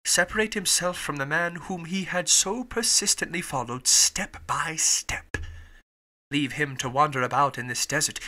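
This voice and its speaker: A man narrating a classic novel as an audiobook, with an expressive storybook reading. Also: on the high side. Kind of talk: scripted narration.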